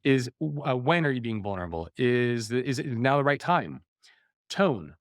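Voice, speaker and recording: A man, an author being interviewed on a podcast, explaining his ideas in a conversational way and playing out quoted voices with lively bursts. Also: medium pitch, moderate pace, no echo, clean studio sound. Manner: animated, acts out quoted voices.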